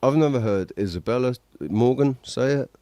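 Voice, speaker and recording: A man chatting casually as a podcast host, rambling and halting and swearing now and then. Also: medium pitch, lively intonation, mellow, no echo. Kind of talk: casual chat.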